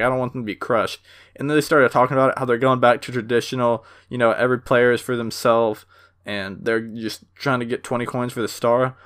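A young man hosting a solo podcast, ranting in a heated, animated way with lots of fillers. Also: mid-range voice. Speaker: podcast host.

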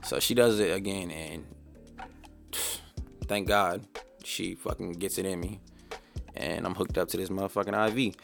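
Young man, podcast host, deep voice, crackly fry, casual swearing monologue. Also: fairly even intonation, moderate pace, pauses often, soft background music. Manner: profane, slangy, rambling. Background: faint background beat.

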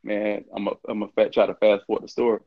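A man's voice: on the low side, level tone, quick pace, no echo, phone-quality sound. A middle-aged man, telling stories as an interview guest, acting out quoted dialogue and laughing often. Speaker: interview guest, former college football player. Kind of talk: casual storytelling.

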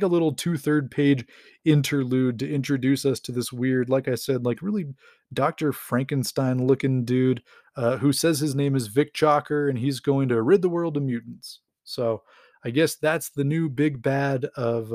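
A man's voice: medium pitch, moderate pace, darkish tone, no echo, studio quality. A man hosting a podcast, casually recapping a comic book and rambling with lots of fillers and chuckles. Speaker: podcast host.

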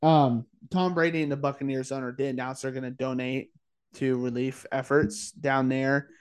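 A man's voice: mid-range voice, little pitch movement, smooth. A tired man co-hosting a casual sports-betting chat late at night, full of "like" and "uh" as he rattles off his picks. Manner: chatty, says "like" and "uh" often, fires off quick picks. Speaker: podcast co-host.

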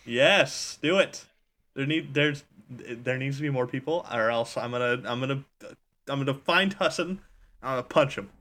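A man's voice: mid-range voice, moderate pace, bright, forceful tone. A man hosting a podcast in an easygoing, casual way, laughing often. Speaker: podcast host.

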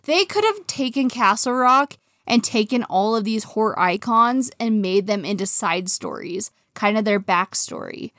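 A young adult woman co-hosting a casual chat. She talks in quick, excitable bursts with frequent exclamations and laughs. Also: on the high side, dry recording, clean studio sound. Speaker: co-host.

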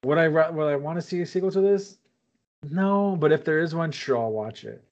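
A man's voice: a little high, fairly quick, a little mellow. A man chatting casually about a movie as a podcast co-host, loose and laughing at his own points, full of "like" fillers. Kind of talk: casual movie review chat. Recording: dull lo-fi audio.

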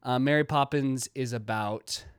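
A man's voice: medium pitch, a little slow, clean tone, dry recording, clean studio sound. A young man hosting a casual video essay, rambling with many "likes" and restarts.

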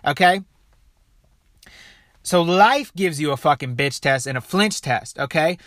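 Bright-voiced swearing commentary guy. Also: a little high, a little slow, dry recording, clean studio sound. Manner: animated, swearing, repeats "dude" and "okay". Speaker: commentator reacting to a clip. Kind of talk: profane casual commentary.

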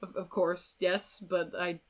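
Animated young woman telling a story. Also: lowish voice, takes it slowly. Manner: animated, acts out other people's voices. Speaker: podcast guest, violinist. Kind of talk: casual storytelling in an interview.

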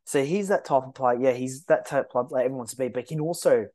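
An Australian man hosting a casual sports podcast, talking in a rambling, animated way with lots of restarts. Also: medium pitch, quick pace, no room sound. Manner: animated, rambling, mocks rival fans in a put-on voice. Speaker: podcast host.

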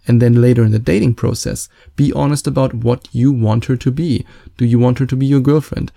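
Gravelly dark-voiced male podcast host. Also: medium pitch, steady tone, brisk, no room sound, clean studio sound. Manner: emphatic, repetitive coaching delivery. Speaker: podcast host and dating coach. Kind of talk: solo podcast monologue.

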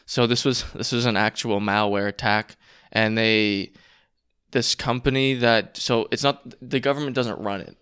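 Casting: young guy, smooth clear voice, animated podcast co-host. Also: medium pitch. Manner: talks in fast restarts, emphatic on alarming points. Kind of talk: casual chat.

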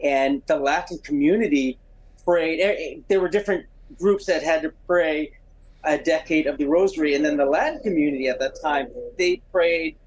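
A man as a talk show guest, speaking enthusiastically with halting restarts. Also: a little high, poor audio. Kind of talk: casual conversation.

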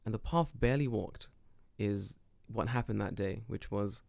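A man's voice: on the low side, moderate pace, creaky, dry recording. A young man co-hosting a podcast, telling stories with lots of swearing and acting out both sides of each conversation. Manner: animated storyteller, acts out dialogue, swears often. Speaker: podcast co-host. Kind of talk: casual podcast chat. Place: lives in Japan.

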